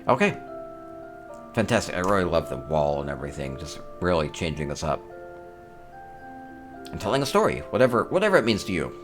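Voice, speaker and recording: A man's voice: low voice, very animated, brisk, long pauses, music in the background. A man hosting a casual tour of player homes in a game, chatting upbeat and thinking aloud with small chuckles. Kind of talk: casual gameplay commentary.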